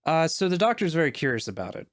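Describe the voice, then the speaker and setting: A man's voice: fairly high pitch, very animated, fast talker, no room sound, clean studio sound. Man running a tabletop game. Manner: casual, many fillers and restarts. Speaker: game master.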